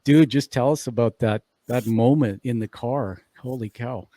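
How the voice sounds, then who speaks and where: A man's voice: medium pitch, normal speed, warm tone, no echo, clean studio sound. A man hosting a podcast interview, enthusiastic and casual, calling his guest dude and swearing now and then. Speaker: podcast host.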